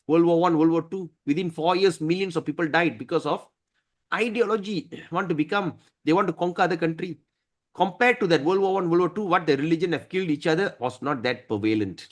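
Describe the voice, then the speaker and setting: A man teaching a devotional scripture class, emphatic and often clearing his throat. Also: fairly high pitch, fairly quick.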